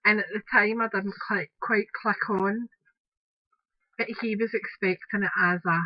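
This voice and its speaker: A woman's voice: medium pitch, fairly even intonation, measured pace, dry recording, muffled recording. A woman from Scotland with a Scottish accent, chatting through a crafting tutorial in a rambling way with lots of "um"s and Scottish words.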